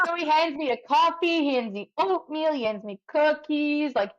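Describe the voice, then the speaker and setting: A woman's voice: high voice, normal speed, hardly any pauses. Give me a chatty Canadian-born woman telling a story, with dull muffled sound. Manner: chatty, lots of "like" fillers, vivid retelling. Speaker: podcast guest, firefighter and ultra runner. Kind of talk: animated storytelling in conversation.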